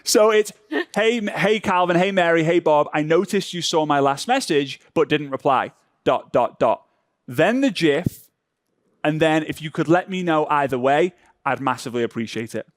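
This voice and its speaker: A man's voice: fairly high pitch, expressive, normal speed, dry recording, clean studio sound. A man presenting a live social media workshop, playfully acting out texting reactions.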